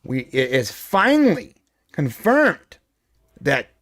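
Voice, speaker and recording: A man's voice: medium pitch, wildly swooping pitch, takes it slowly, a bit bright, no echo. A man co-hosting a casual pop culture podcast, rambling and joking with frequent restarts. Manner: rambling, jokey, many restarts. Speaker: podcast co-host.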